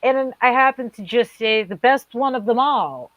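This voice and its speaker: A woman with a fairly high voice co-hosts a casual talk show. She tells stories with animated, swearing gusto and acts out the other people in them. Her sound is dry and close. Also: moderate pace, no room sound, lo-fi sound. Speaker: co-host. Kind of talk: casual chat, storytelling.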